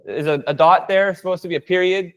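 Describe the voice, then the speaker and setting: High-pitched guy teaching spanish online, playful, chatty, explains jokes. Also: steady tone, quick pace, clean tone. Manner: playful, chatty, switches into Spanish to model phrases.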